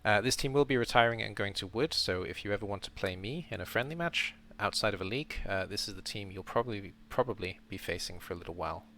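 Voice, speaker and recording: A man's voice: fairly low pitch, fast talker, hardly any pauses, sharp tone, slight background noise. A man streaming a casual round-up of his game league as host, rambling and correcting himself as he thinks aloud.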